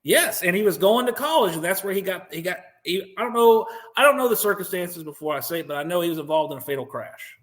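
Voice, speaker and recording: A man in his forties, a Marine veteran, hosting a podcast and telling animated, profane war stories in casual chat. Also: high voice, fast, few pauses. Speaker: podcast host.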